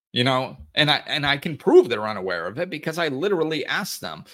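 A man's voice: medium pitch, sing-song, fairly quick, a bit bright. A man hosting a spiritual advice show, talking casually and acting out back-and-forth conversations with people. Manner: conversational, acts out dialogues with others. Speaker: host.

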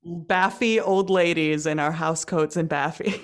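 A woman's voice: deep voice, steady tone, a little slow. A woman with an American accent, co-hosting a podcast in a jokey, playful way. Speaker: podcast co-host. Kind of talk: casual podcast chat.

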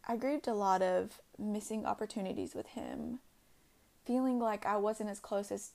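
A young woman speaks off the cuff on her own podcast, candid and a little halting as she circles back on her words. Her voice sits at a middle pitch with a gravelly, fried edge. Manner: candid and halting, with frequent restarts and soft asides. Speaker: podcast host. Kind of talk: unscripted personal podcast monologue.

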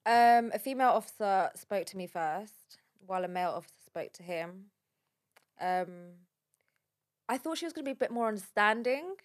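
A woman telling a personal story in a halting, shaken way, with many fillers. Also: mid-range voice, animated. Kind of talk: casual spoken account.

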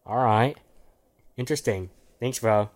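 A man's voice: fairly low pitch, unhurried. Young man, podcast host; loose rambling chat, laughs a lot, slangy.

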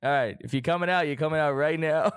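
A young man telling a story in casual chat, animated, laughing often and swearing heavily. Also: on the high side, quick pace, smooth.

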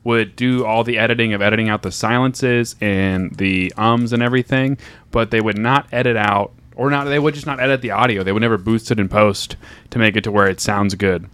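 Rambling deadpan podcast host man. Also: lowish voice, fairly quick, smooth. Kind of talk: casual podcast chat.

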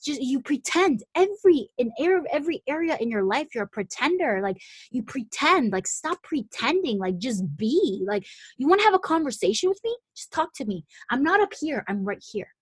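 A woman's voice: high-pitched, big pitch swings, normal speed, dry recording, voice pushed up. A woman voicing God as a blunt, loving male voice, speaking directly and insistently in casual language.

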